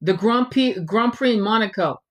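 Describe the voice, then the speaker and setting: A woman's voice: on the high side, moderate pace. A middle-aged woman hosting her own channel, delivering a blunt, profanity-laced rant straight to camera. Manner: blunt, swearing, ranting. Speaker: tarot channel host. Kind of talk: impassioned monologue to camera.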